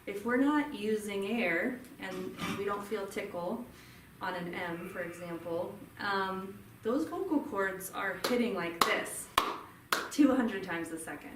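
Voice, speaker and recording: Woman coaching voice warm-ups, roomy distant sound. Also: mid-range voice, unhurried, noisy background. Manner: friendly, demonstrates hums and sounds. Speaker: speech-language pathologist leading a voice workshop. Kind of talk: live workshop instruction. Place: room with a group. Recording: roomy, from a distance, faint ambience.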